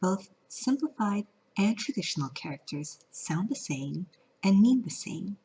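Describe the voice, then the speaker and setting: A woman's voice: medium pitch, animated, a little slow, mellow, a little hiss or hum. A woman from California teaching a vlog lesson, playful and singing out the example tones. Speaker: Mandarin teacher. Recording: lo-fi audio.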